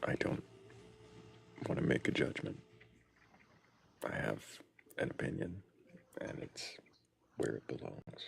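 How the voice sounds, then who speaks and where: Man, extremely low voice, gravelly, lively pitch, dry wry remarks on a live chat stream. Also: takes it slowly, long pauses. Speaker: co-host.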